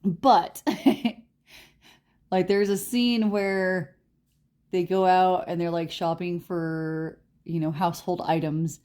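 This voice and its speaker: A woman reading tarot who chats in a loose, rambling way, full of "like" and quick giggles. Her voice sits a little low for a woman. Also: flat delivery, warm tone. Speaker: tarot reader. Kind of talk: casual chat during a tarot reading.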